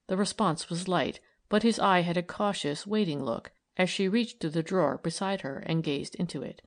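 A woman narrating a novel in a measured, even storytelling manner. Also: on the low side. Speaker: audiobook reader. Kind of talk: scripted narration.

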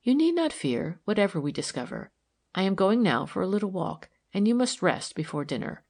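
A woman reading the part of a calm, gentle woman who asks steady, careful questions, in an audiobook. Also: mid-range voice, brisk. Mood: reassuring.

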